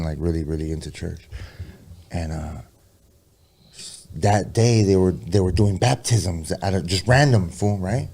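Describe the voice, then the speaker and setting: Deep-voiced, profane storytelling man. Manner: rambling and profane, with slangy asides; drops low and quiet for eerie moments. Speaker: podcast guest, rapper. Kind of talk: casual storytelling interview.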